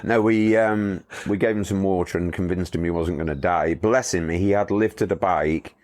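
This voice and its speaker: Very deep-voiced man telling a story. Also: moderate pace, a little mellow. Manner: rambling, chuckling anecdotes with restarts. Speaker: motorcycle tour company owner, guest. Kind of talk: casual storytelling interview.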